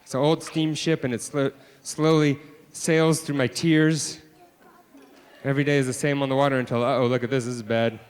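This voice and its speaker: A man, a children's author, telling a story live to a family audience, swinging from hushed deadpan asides to loud exclamations. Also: medium pitch, normal speed, clear, resonant tone, in a large hall. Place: library event space.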